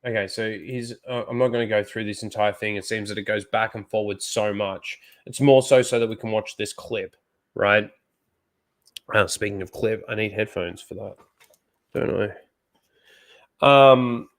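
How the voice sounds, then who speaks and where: A man hosting a casual live-stream, talking loosely with many fillers, frank and sometimes profane. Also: medium pitch. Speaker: host.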